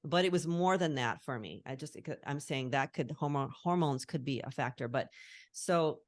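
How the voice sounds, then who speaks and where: A middle-aged woman with a deep voice speaks at a moderate pace as a guest on a call, earnest and reflective, searching for her words. It's a casual conversation captured as a call recording, yet the sound is studio quality with no room sound.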